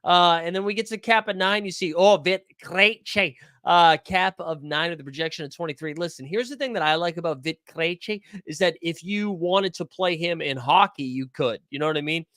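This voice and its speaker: Guy hosting a sports stream, jokey and rambling, swears a lot, bright high voice. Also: normal speed, few pauses, no echo, studio quality. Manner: joking, rambling, profane. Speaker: host of a fantasy sports live stream. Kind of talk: casual live-stream commentary.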